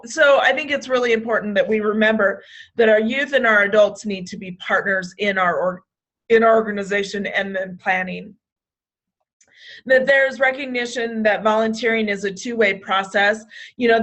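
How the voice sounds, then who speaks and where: A woman's voice: medium pitch, moderate pace, fairly bright tone. A woman presenting a staff training session, restarting phrases often, with hiccups now and then. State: has hiccups. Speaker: state program trainer.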